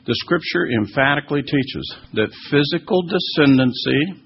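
A man's voice: a little high, lively intonation, normal speed, creaky, slight background noise. A man teaching scripture and answering listeners' questions, earnest and emphatic, with many fillers and restarts. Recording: dull lo-fi recording.

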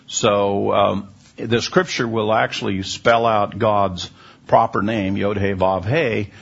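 A man with a low, gravelly and husky voice gives a question-and-answer Bible teaching. He explains things patiently and unhurriedly, stopping often on "uh" as he searches for words. The recording sounds dull and lo-fi. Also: fairly even intonation, a bit bright. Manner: unhurried, explanatory, frequent "uh" hesitations.

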